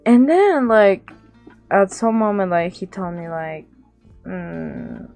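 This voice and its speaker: Gravelly young woman with a Latin accent. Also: medium pitch, expressive, slow, darkish tone, faint music behind. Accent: Latin American. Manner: rambling, repeats words, acts out quoted people. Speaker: vlogger. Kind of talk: casual storytime chat.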